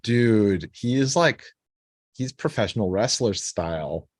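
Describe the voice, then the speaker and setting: A man's voice: on the low side, lively intonation, a little slow, dry recording, studio quality. A man co-hosting a podcast, chatting and joking enthusiastically while recapping a TV episode. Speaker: podcast co-host. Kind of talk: casual chat recapping a TV episode.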